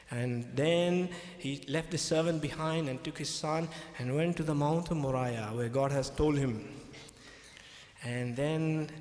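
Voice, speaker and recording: A man with a somewhat high voice addresses a debate crowd as a pastor, retelling scripture with insistent emphasis. He repeats his key phrases and keeps checking that listeners follow. The sound carries the long, roomy reverb of a large hall.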